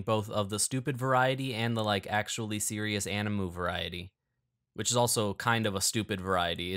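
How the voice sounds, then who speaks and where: A man with a lowish, slightly bright voice hosts a podcast in a laid-back way, chatting casually, laughing, and plugging the show.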